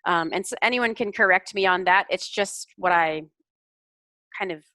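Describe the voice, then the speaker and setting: A woman coaching a student's English over a video call, patient and encouraging. Her voice is bright and clear, recorded dry and close with no room sound. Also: fairly low pitch, normal speed, dry recording. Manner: encouraging, explains corrections patiently. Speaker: English speaking tutor. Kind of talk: online tutoring feedback.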